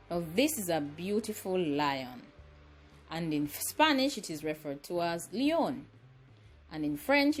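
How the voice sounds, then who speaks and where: A Jamaican woman narrates a language tutorial in a slow, careful delivery, spelling out each word. Her pitch swings widely and brightly from phrase to phrase, and soft music plays faintly behind her. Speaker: language teacher.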